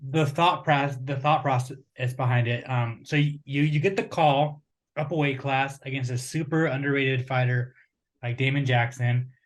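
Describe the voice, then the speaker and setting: A male interviewer keeps the talk casual and light, laughing along and repeating himself as he thinks. His voice sits at an ordinary middle pitch. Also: moderate pace. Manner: relaxed, laughing, repeats phrases.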